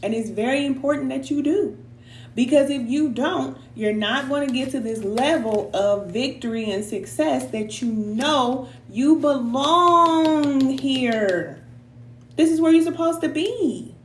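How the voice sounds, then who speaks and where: Middle-aged woman, spiritual coach, earnest and preachy with casual slang, slightly high voice, roomy echo. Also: measured pace, a little hiss or hum. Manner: heartfelt, preacherly, slips into casual Black American slang; sometimes emotional and sighing. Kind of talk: live tarot reading and motivational talk.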